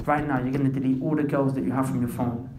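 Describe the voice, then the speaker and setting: A man's voice: medium pitch, little pitch movement, fast, echoey room, noisy background. A man preaching an impassioned street sermon, talking straight to the young men listening as brothers and slipping into slang. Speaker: Islamic preacher.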